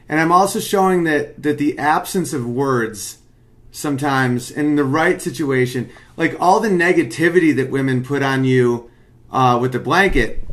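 Comedian at home, mid-pitched male, rambling breakdown of his own bit. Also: a bit bright. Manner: rambling, analytical, picks up intensity when making his point. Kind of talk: casual commentary.

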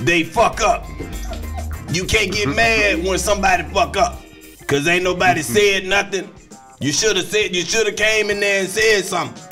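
A man's voice: high-pitched, pushed and bright. A man voicing an old uncle and grandfather, rambling as he leaves a scolding voicemail.

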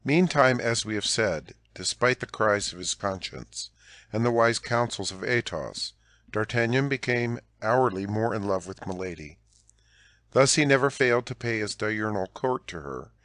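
A man narrating a classic novel as an audiobook in a measured storytelling delivery. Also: fairly low pitch, a bit bright, dry recording, studio quality.

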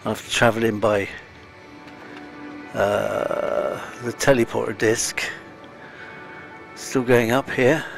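A man's voice: medium pitch, fairly even intonation, takes it slowly, creaky, pauses often. Man muttering through a game. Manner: chatty, muttering to himself with sighs. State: slightly out of breath. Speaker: game streamer. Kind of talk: casual let's-play commentary. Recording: faint game music behind.

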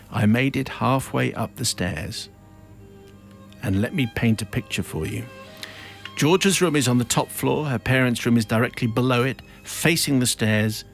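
Man, radio host, wry storyteller, chuckling, studio microphone, faint music bed. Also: medium pitch. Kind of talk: reading a listener's confession aloud, then chatting.

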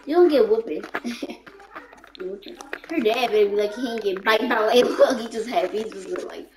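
This let's-play commentary comes from a gaming host with a medium-pitched voice speaking at normal speed. Casual in tone, he talks to the game's characters and to viewers alike, while the noisy audio picks up mouse clicks.

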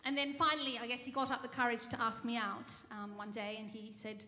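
On stage in a reverberant music venue, a woman cabaret singer spins a rambling, mock-earnest tall tale as a comic monologue, stumbling through ums and restarts. Her voice is a little high and sharp, her tone level, her pace a little quick.

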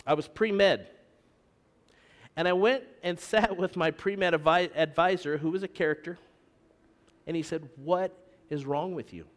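A man's voice: high-pitched, steady tone, unhurried, pauses often, long reverb tail. A middle-aged man preaching a sermon as pastor, with joking asides to the congregation. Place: church sanctuary.

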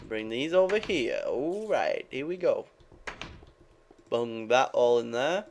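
A man's voice: medium pitch, very animated, slow, creaky, slight background noise. A young man giving rambling, casual commentary while playing a game, swearing freely and talking to his viewers. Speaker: gaming video creator.

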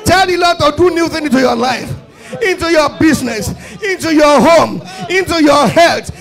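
A man with a Nigerian accent leading a fervent prayer sermon, often shouting and repeating his calls to the congregation. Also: extremely high pitch, expressive, normal speed, faint music behind, some chatter behind. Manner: impassioned, often shouting, repetitive exhortations. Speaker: pastor. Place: church service.

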